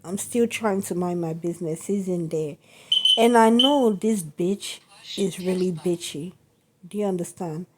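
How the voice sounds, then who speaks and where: A woman's voice: lowish voice, a little slow, noisy background. A woman venting indignantly to camera in a vlog, often asking her listeners whether they understand. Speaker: vlogger.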